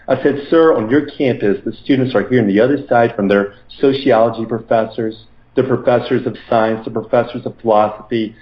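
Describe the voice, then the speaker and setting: A man as a podcast guest, earnestly retelling his experiences in a conversational interview, with frequent fillers. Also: mid-range voice. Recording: roomy, slightly dull recording.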